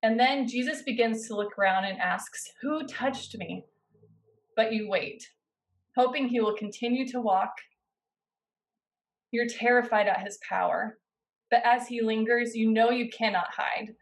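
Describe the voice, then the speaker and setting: Woman pastor preaching, talks you through the story slow and dramatic, kinda high voice. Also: low-quality recording. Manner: speaks in second person, slow dramatic pauses. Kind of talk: sermon with guided imaginative narration.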